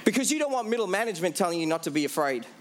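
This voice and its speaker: A man preaching with a high, ringing voice, stretching out the key lines for emphasis. He asks his listeners questions and answers them himself. A faint hum of room noise sits under his voice. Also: sing-song, very fast. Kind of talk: sermon.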